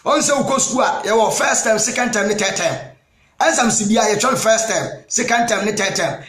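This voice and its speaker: A Ghanaian man preaching a sermon as an evangelist, emphatic and repeating "Amen", sometimes shouting. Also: sits high, roomy sound. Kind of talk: sermon mixing Twi and English.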